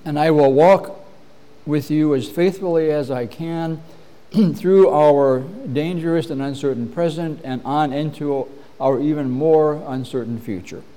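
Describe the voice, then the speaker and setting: A middle-aged man preaching a measured, earnest sermon as pastor, often clearing his throat. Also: fairly high pitch, dark tone.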